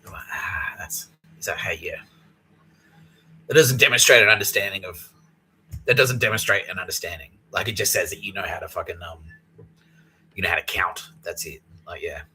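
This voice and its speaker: A man's voice: low voice, a little fast, bright, forceful tone, slight background noise, low-quality recording. A man telling a rambling, profane comedic story on his own podcast, mimicking the people in it. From Australia. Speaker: podcast host.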